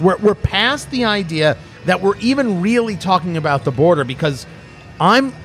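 A man's voice: a little high, a bit bright. Rambling talk-show host man. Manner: rambling, self-interrupting, jokey. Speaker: podcast host. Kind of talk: casual tasting chat.

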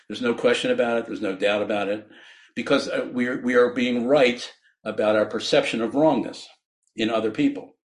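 A man's voice: mid-range voice, steady tone, moderate pace. A man, a physician guest on a podcast, explaining his ideas earnestly with frequent laughs and restarts.

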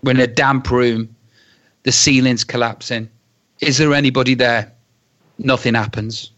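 A man telling a comic story with dramatic pauses and acted-out quotes. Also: mid-range voice, steady tone, a bit bright, highs cut off.

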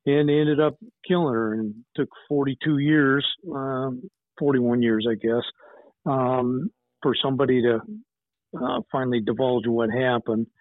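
A man's voice: mid-range voice, dry recording. A man in his sixties, a private investigator, telling case stories in a blunt, rambling way. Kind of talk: casual interview storytelling. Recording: tinny phone-like line, dry.

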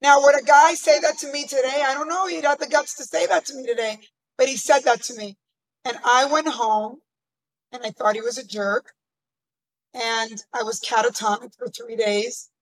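A woman guest on a podcast tells her own story in conversation. Her voice sits high, and she talks candidly and reflectively about what happened. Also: fairly even intonation, normal speed, rough recording. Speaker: interview guest.

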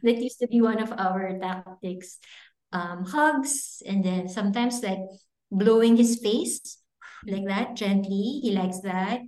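A woman's voice: mid-range voice, takes it slowly, dark tone. A woman, a children's book author telling stories in a casual interview, chatty and full of fillers. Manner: chatty, anecdotal, with frequent fillers and laughs. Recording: echoey room.

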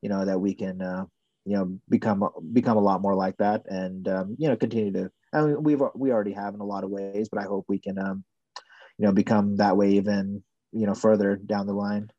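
A man's voice: fairly low pitch, steady tone, brisk, dark tone, no echo, highs cut off. A man talking as a podcast guest, hesitant and full of fillers. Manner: hesitant, frequent "you know" fillers. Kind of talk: casual conversation.

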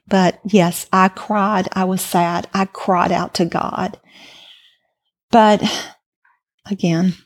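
Woman guest on a podcast telling her faith story, earnest and thoughtful, bit of fry in her voice. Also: mid-range voice, darkish tone. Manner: earnest, reflective. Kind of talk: personal faith testimony.

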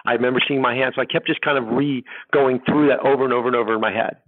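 A middle-aged man telling his personal story as a podcast guest, rambling and halting with many restarts. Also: mid-range voice, steady tone. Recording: tinny phone line.

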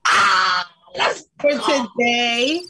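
A woman's voice: fairly high pitch, lively intonation, extremely slow, background noise. A woman co-hosting a podcast, chatting casually in an easygoing, laughing manner. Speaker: podcast co-host. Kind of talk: casual chat.

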